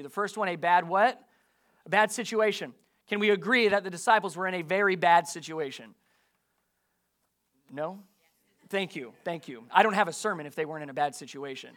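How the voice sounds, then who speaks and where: A pastor with a notably high-pitched voice delivers a conversational sermon. He talks casually to the congregation, reads scripture aloud and keeps tossing them questions to answer. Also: fairly quick, a bit bright.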